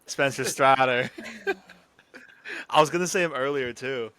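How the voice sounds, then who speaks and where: A man's voice: mid-range voice, measured pace, a bit bright, dry recording. A man talking sports with friends on a podcast, loose and jokey. He laughs a lot and fumbles for names while he chats. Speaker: podcast co-host. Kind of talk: casual sports chat.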